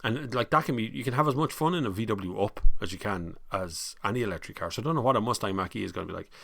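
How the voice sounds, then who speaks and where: A man's voice: fairly low pitch, quick pace, vocal fry, a bit bright, no echo. An Irish man hosting a motoring live stream, chatting casually in a rambling way and reading out viewer comments. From Ireland. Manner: chatty and rambling, laughs easily.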